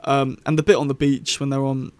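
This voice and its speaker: A man's voice: mid-range voice, flat delivery, a little fast, no echo. Chatty young man vlogging. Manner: rambling, chatty and enthusiastic. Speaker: YouTube host. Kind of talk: casual vlog review.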